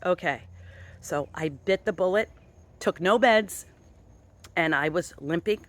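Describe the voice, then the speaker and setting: A woman giving a casual motivational vlog talk as a wellness and fitness motivator, animated and enthusiastic with sudden jumps in pitch, speaking outdoors on a dog walk. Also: a little slow, long pauses, dry recording.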